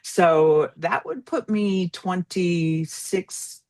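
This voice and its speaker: A woman's voice: fairly low pitch, animated, drawn-out words. Upbeat woman from New York. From New York, of Puerto Rican roots. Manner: warm, upbeat storytelling. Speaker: guest. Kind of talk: casual interview.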